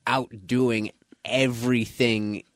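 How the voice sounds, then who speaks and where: A man co-hosting a podcast in casual chat, telling a story with animated energy and acting out his friends' voices. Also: mid-range voice, slow, no room sound, clean studio sound. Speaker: podcast co-host.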